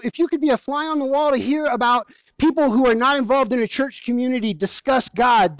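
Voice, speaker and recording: The speaker is a male pastor at church whose sermon unfolds as easygoing, funny storytelling in a conversational tone. For a man, his voice is fairly high. Little room echo comes through; the sound is dry and close.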